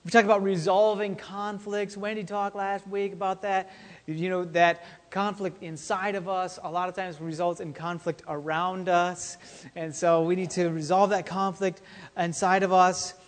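Man, lead pastor, high-pitched, chatty sermon, fillers, long church-hall echo. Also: flat delivery, moderate pace. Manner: chatty, joking, with frequent fillers. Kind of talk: casual sermon with storytelling. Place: church sanctuary.

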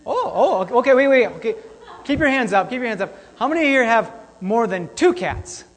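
A man's voice: extremely high pitch, very animated, brisk. A man preaching a sermon in a casual, chatty way, bantering with his congregation. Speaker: pastor. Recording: long hall reverb.

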